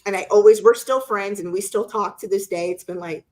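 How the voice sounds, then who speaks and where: A middle-aged woman co-hosting a casual live-stream chat, telling an animated story and acting out quotes in squeaky voices. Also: a little fast. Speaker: co-host.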